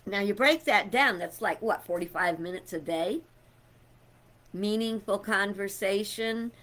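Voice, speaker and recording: Middle-aged woman, casual vlog chat, loud and bright, slow unhurried delivery. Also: mid-range voice. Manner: chatty, loud, rambling with fillers and laughs. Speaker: vlogger.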